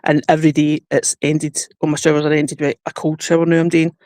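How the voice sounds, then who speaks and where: A Scottish woman with a Glasgow accent chatting casually on a livestream, rambling through quick stories and laughing often. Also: low voice, flat delivery, darkish tone, no room sound, clean studio sound. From Scotland. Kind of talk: casual chat.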